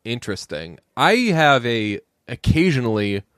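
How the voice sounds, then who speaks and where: A man's voice: mid-range voice, big pitch swings, normal speed, a bit bright, clear, resonant tone, no echo, studio quality. A young man from the Boston area, co-hosting a podcast in casual, rambling chat, peppered with swearing. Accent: faint Boston. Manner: rambling, swears, quotes people in voices. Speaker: podcast co-host.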